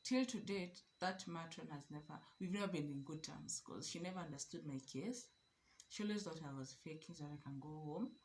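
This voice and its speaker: A young Kenyan woman telling her own story to camera in an animated, emphatic way, slipping Swahili phrases into her speech. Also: low voice, normal speed, slight background noise. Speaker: vlogger.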